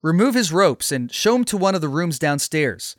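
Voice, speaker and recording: A brisk male army captain asks quick, puzzled questions in a storybook, read by a man. The voice is slightly high and recorded close and dry. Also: big pitch swings, no room sound.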